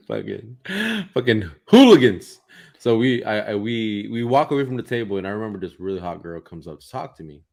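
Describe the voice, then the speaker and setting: Low-voiced swearing male podcast co-host. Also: moderate pace, creaky. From United States. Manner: animated storytelling with heavy swearing. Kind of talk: casual comedic chat.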